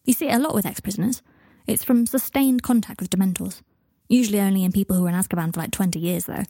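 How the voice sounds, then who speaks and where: A woman's voice: medium pitch, fast, warm tone, dry recording, clean studio sound, close to an everyday voice. A woman voicing a blunt, matter-of-fact young male wizard who explains things casually. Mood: explaining.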